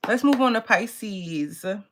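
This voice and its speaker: A woman's voice: mid-range voice, animated, slow pace, heavy background noise. A woman tarot reader talking in a casual, blunt and profane way, laughing often. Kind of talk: casual live tarot reading.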